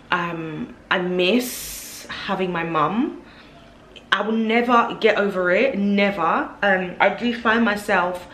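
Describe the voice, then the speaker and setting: Woman, vlogger, casual talk to camera, reflective, halting, echoey room. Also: medium pitch, fairly bright tone, slight background noise. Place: home, indoors.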